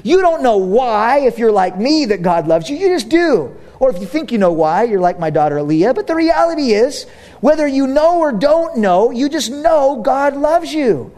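A male pastor in his thirties preaches in a church, mixing family stories and jokes with direct appeals to his listeners. His voice is unusually high for a man and swings widely in pitch as he builds each point. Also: moderate pace. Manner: animated, humorous storytelling, direct to congregation. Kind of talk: sermon.

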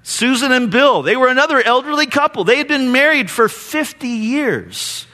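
A male pastor preaching a sermon who tells stories and jokes, asks rhetorical questions, and slows down and drops his voice at key phrases. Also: very high voice, big pitch swings, sharp tone.

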